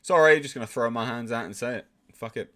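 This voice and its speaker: A man's voice: medium pitch, quick pace, a bit bright. A man, hosting and reading a comic aloud with sarcastic, profane commentary. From England. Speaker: host.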